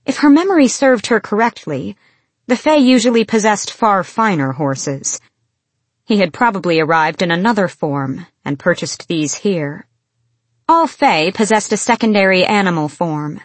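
A woman reading fantasy fiction aloud in measured, expressive storytelling. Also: mid-range voice, no echo. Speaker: audiobook narrator. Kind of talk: scripted fantasy narration.

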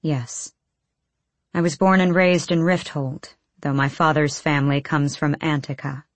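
A woman's voice: low-pitched, steady tone, no room sound. A woman reading the lines of a guarded, wry young woman warrior in an audiobook. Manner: wry, measured.

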